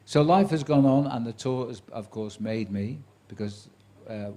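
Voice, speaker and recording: Older guy in his 70s spinning commentary-career yarns, warm relaxed tone, does little voices for people he quotes. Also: mid-range voice, moderate pace. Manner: chatty raconteur who acts out quoted voices, dry wit. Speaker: sports commentator telling career stories. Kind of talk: anecdotal storytelling to a live audience.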